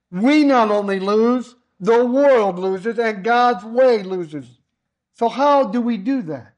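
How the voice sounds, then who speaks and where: A man with a notably high voice preaching from the pulpit. He builds his points through emphatic repetition, stacking one parallel line on another in a steady sermon cadence.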